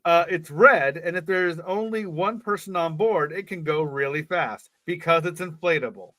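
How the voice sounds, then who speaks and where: A man's voice: fairly high pitch, normal speed, pushed and bright, no echo. A man co-hosting a podcast, reading a story aloud and breaking off for jokes and laughs. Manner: joking, laughs between lines. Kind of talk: casual reading with jokey asides.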